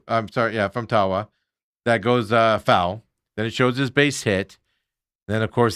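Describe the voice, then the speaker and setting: A fired-up male sports show host whose pitch leaps all over as he rants. His voice is bright and sharp, sits fairly high, and sounds close and dry with no room around it. He is middle-aged and full of opinions. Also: no echo. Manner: animated ranting, mocking impressions of players.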